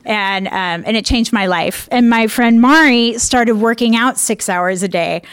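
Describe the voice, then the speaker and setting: A woman's voice: a little high, a little slow, a bit bright, clean tone, dry recording. A young adult woman telling a personal story to an audience, candid, with frequent laughs and fillers. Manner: candid, laughs often, many fillers and restarts. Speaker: speaker sharing a personal testimony. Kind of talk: personal storytelling talk with slides.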